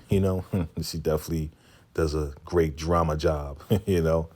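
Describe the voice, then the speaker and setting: A man's voice: extremely low pitch, fairly even intonation, moderate pace, darkish tone, breathy edge. A man giving a laid-back episode recap, acting out the characters' lines and laughing often. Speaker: recap vlogger.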